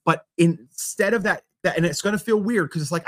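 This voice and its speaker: A man delivers a sermon in the easy, conversational style of a pastor talking to his congregation. His voice sits a little high for a man, and he often slips in gentle humor at his own expense. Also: a little fast. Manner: conversational preaching with self-deprecating humor.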